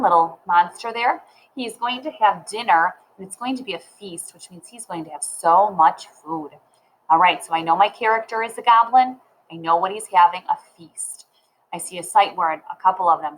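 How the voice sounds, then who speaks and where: A woman's voice: mid-range voice, moderate pace, low-quality recording. A woman teaching a reading lesson, sounding words out syllable by syllable and spelling them letter by letter.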